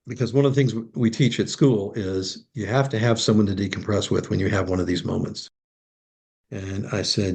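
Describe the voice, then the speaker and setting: Older male storyteller, raspy and gravelly, emotional, acts out dialogue. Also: fairly low pitch, steady tone, fairly quick, darkish tone. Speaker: guest, professional Santa Claus. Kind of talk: heartfelt storytelling in interview.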